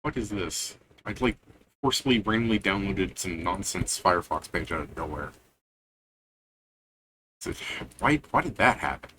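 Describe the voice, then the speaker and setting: A man's voice: deep voice, moderate pace, long pauses, sharp tone, breathy edge. A man running a tabletop game as game master, casual and profane, making rulings on the fly.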